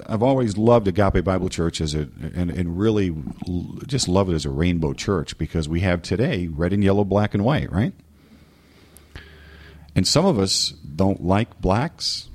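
Animated husky male preacher. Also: low-pitched. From New England. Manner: animated, joking asides and mimicry. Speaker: pastor. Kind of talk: sermon.

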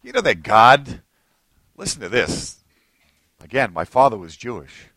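A man preaching a sermon as pastor, animated, swinging between low asides and high excited bursts and acting out little scenes. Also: measured pace, no room sound.

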